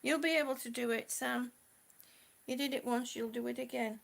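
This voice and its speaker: A woman's voice: fairly high pitch, fairly even intonation, normal speed, vocal fry. A middle-aged woman, a little out of breath, chatting affectionately with live viewers and calling them honey and sweetie. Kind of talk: casual live-stream chat.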